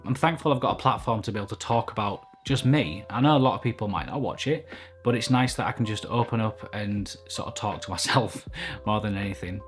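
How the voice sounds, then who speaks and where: A man talking openly and reflectively to camera in a personal vlog, recorded indoors at home. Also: lowish voice. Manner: open, reflective, self-critical. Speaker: vlogger. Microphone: camera mic at desk.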